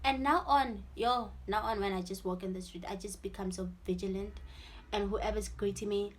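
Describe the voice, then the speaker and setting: A young South African woman with a South African accent tells a casual, animated story in her vlog, mixing in Setswana phrases. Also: mid-range voice, normal speed. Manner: animated, slips into Setswana for quoted lines. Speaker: vlogger. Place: her room at home.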